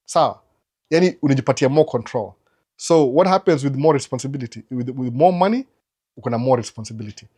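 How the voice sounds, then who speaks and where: A man hosting a live Q&A stream, giving animated, lecturing advice and mixing English with Swahili mid-sentence. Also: medium pitch, fast, breathy edge. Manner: animated, lecturing, asks rhetorical questions. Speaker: live Q&A host.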